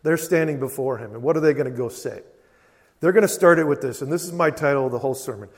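A man preaching a sermon earnestly, repeating phrases for emphasis and moving between quiet passages and loud declarations. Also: mid-range voice, fast, in a large hall.

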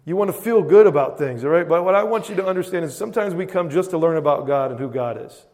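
A man preaching a sermon as a pastor, conversational and emphatic, swinging between loud and soft. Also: a little high, animated, fast, in a large hall. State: choked up with emotion.

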